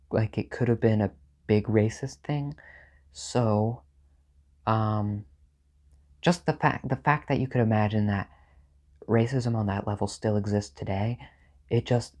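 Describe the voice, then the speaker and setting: A man talks through a casual comedy monologue with a deadpan, offhand delivery. His voice sits at an ordinary middle pitch. Now and then he jumps up in pitch for mock outrage, then drops back to his dry, unbothered tone. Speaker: video host ranking states.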